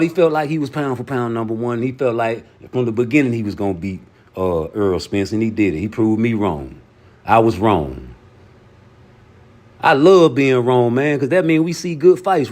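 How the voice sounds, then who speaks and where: A man hosting a casual commentary show, talking in a profane, emphatic way that jumps high when he gets heated. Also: darkish tone. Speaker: show host.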